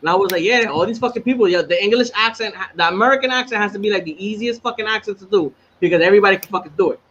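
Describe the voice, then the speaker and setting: A man with a high voice co-hosts a casual chat. He tells stories in a profane, animated way. The recording is a touch dull, with a faint hiss behind him. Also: racing. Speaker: podcast co-host. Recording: slightly dull sound with faint noise.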